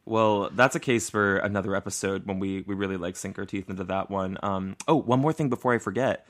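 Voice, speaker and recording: A man's voice: low voice, brisk. Chatty young man co-hosting a podcast. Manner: chatty, laughs often, animated asides. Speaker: podcast co-host. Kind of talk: casual chat.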